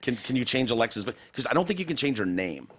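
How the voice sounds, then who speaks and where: A man hosting a casual podcast, telling crude, profane stories with big jumps in pitch. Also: big pitch swings, fast talker, fairly bright tone. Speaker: podcast host.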